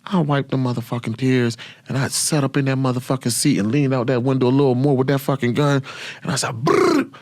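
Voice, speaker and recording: A man in his thirties hosting a podcast, telling stories in a brash, profane, animated way. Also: medium pitch, fast, no echo. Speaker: podcast host. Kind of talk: casual storytelling.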